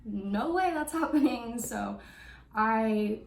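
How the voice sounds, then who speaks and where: A young woman in her twenties tells a story to camera, her voice carrying a gravelly vocal fry. She talks casually, with many fillers. The room is echoey, with faint background noise. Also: on the high side, expressive, slow pace. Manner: chatty, lots of fillers and likes. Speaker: vlogger. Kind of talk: story time vlog.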